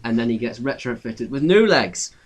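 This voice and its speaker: A young man co-hosting a comedy podcast, narrating an improvised absurd story in a deadpan way. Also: mid-range voice, normal speed, crowd noise. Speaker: podcast co-host.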